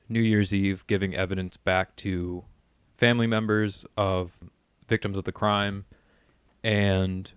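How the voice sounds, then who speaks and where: Smooth-voiced man recapping a film plot. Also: lowish voice, dry recording. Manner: recaps the plot in halting, reflective phrases. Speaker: podcast co-host. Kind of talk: casual movie discussion.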